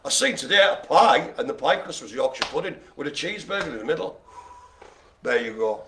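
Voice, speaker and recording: Gravelly, animated man hosting. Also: on the high side, brisk, a little hiss or hum. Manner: jokey, rambling, playful banter. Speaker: host. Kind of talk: live bingo game hosting.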